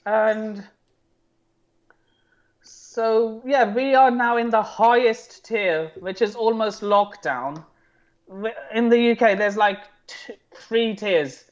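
A man from the UK holds forth in a casual political chat with heavy sarcasm. His speech is slow and drawn out, and his voice comes through a muffled, lo-fi recording. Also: high-pitched. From United Kingdom. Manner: sarcastic, animated. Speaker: co-host. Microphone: headphones and desk mic. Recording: dull lo-fi sound.

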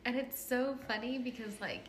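A woman's voice: a little high, steady tone, moderate pace, heavy background noise. A woman co-hosting a casual podcast, chatting and laughing as she tells stories about her daughter, with lots of filler words. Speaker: podcast co-host, mother. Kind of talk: casual chat, storytelling.

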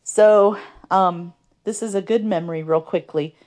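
A woman's voice: medium pitch, unhurried, a little mellow. A woman telling her life story in a podcast, earnest and conversational, with many fillers.

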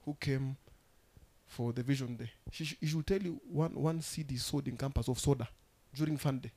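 A man preaching a sermon as pastor, emphatic and rousing, with sudden loud outbursts. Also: medium pitch, moderate pace.

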